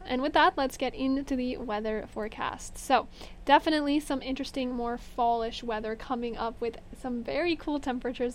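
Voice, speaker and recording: A young woman giving a bubbly, excited weather update and reading a sponsor message. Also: high-pitched, fairly quick, slight background noise. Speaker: weather presenter.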